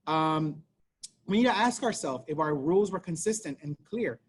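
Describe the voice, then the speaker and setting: Fast-talking man leading an online workshop. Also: a little high, lively intonation, a little hiss or hum. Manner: talks fast, conversational, many fillers and "right?". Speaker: parent workshop presenter. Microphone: video call.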